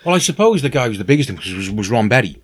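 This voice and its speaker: A Welsh man in a casual interview, talking about his writing with lively, earnest enthusiasm. His voice sits at a middle pitch, and he often restarts his sentences. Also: very fast, husky. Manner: lively and earnest, many restarts and "you know"s. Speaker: novelist guest.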